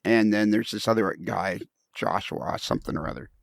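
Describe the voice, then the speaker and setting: A man's voice: fairly low pitch, fairly even intonation, moderate pace, gravelly, no room sound. A man hosting a podcast, joking and rambling with many restarts and fillers. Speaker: podcast host. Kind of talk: comedic casual podcast banter.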